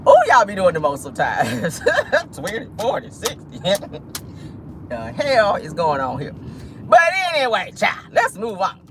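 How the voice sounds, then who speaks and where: Woman gossip host, AAVE, sassy and profane, lively swooping pitch. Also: unhurried, long pauses, a little hiss or hum, poor audio. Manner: sassy, profane, laughing often, acts out quotes. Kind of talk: casual commentary to viewers.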